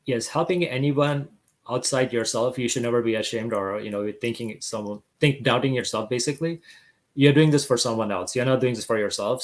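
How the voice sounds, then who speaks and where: A man's voice: medium pitch, rough recording. A middle-aged man talking casually and earnestly as a podcast guest over a video call, often restarting his phrases. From Greater Vancouver area, Canada. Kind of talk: casual interview talk.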